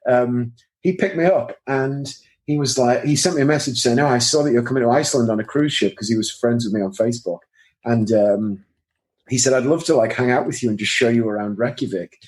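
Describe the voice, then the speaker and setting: A man's voice: medium pitch, fairly quick, a little mellow. A British man, a magician, talking on a casual podcast and telling self-mocking, dry stories. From Britain. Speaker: guest, magician.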